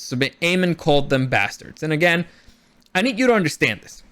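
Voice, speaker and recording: A man giving his casual opinions on a TV episode, animated and swearing, often acting out the characters' lines. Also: on the high side. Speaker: show reviewer.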